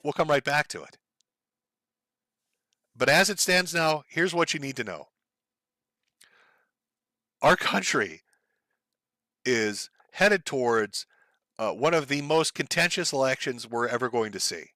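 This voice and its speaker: Male show host, blunt and foul-mouthed, edgy bright voice, dry close sound. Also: medium pitch, expressive, measured pace, long pauses, no room sound. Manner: blunt, profane, heated. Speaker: online commentator hosting his own show. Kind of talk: ranting political commentary.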